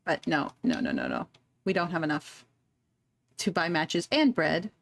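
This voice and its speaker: A woman's voice: sits low, wildly swooping pitch, a little slow, creaky, no room sound. A woman streamer chatting casually and giggling as she plays a game, reading its text aloud. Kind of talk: casual gameplay commentary.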